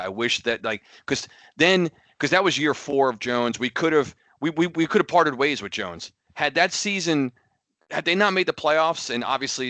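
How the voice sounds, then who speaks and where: A man's voice: mid-range voice, bright, forceful tone, no room sound. A man co-hosting a podcast in casual sports chat, rambling and exasperated, with many restarts and repeated words. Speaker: podcast co-host.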